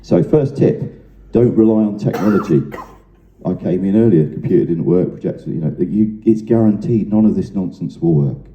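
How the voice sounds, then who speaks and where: A man's voice: low voice, lively intonation, normal speed. A man giving an informal training talk to a live audience, chatty and anecdotal, speaking straight to the room. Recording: roomy, dull lo-fi sound.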